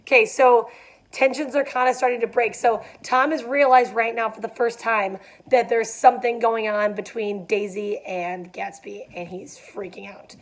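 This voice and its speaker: A young adult woman reading a novel aloud in a slightly high voice. She stops now and then for casual, filler-laden asides. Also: level tone, moderate pace. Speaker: reader.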